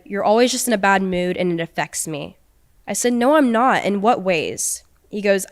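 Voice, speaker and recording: A woman's voice: lowish voice, clean tone. A young woman on a podcast, casually recounting a personal story and quoting what was said. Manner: recounting with quoted dialogue. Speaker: podcast guest.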